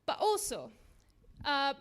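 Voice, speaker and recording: A woman with an Italian accent speaks on stage in a fairly high voice. Her delivery is earnest and slightly nervous, with a self-deprecating edge. It sounds like a live lightning talk in front of an audience. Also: wildly swooping pitch, takes it slowly, a little hiss or hum. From Italy. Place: event room with a live audience.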